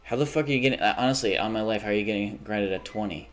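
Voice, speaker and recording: Young male streamer, lowish voice, casual, rambling, foul-mouthed, quick temper. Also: a bit bright. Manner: rambling, profane, quick to get heated. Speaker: livestreamer. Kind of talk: casual livestream chat while gaming.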